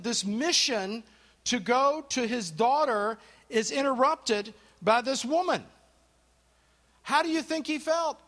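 A man with a high voice leads a live Bible study, telling the story and pausing to quiz his listeners and thank those who answer. He drops to a hush at the dramatic moments. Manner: asks the group questions and thanks responders. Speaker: Bible teacher. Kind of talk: interactive Bible study teaching. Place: live group gathering.

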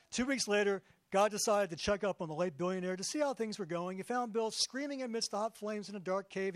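A man giving a sermon as pastor, conversational and jokey, slowing down for emphasis. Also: high voice, no room sound.

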